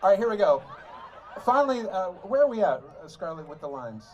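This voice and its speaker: A man's voice: sits high, very animated, brisk, darkish tone, lo-fi sound, slight background noise. A man fronting a band at a large live concert, singing and bantering playfully with the crowd through a stage mic. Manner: playful, joking crowd work.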